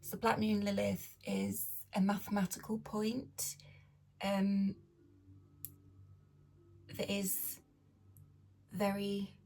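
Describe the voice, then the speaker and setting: A woman with a slightly croaky voice giving a tarot reading, talking slowly and softly, often half-whispering, and checking in with her listeners as she explains. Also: medium pitch, lively intonation, a little hiss or hum. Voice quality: husky, often drops to a whisper. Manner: unhurried, explains with fillers and checks in. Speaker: tarot reader. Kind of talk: slow, soft-spoken tarot reading.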